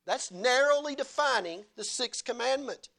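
A man's voice: very high-pitched, lively intonation, moderate pace, creaky, sharp tone. Man preaching a sermon in church, earnest, keeps repeating phrases and asking the room questions. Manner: earnest, repetitive emphasis, rhetorical questions. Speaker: pastor. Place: church service.

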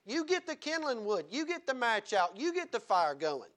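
A man preaching a sermon, swinging between loud exhortation and quiet asides where he chuckles. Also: very high-pitched, big pitch swings, normal speed.

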